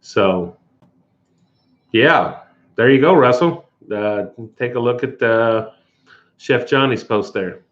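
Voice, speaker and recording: A man hosting a casual livestream in a relaxed way, reading viewer comments aloud and answering them. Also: medium pitch, takes it slowly, pauses often. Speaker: livestream host. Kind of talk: casual live chat. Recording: dull lo-fi livestream audio.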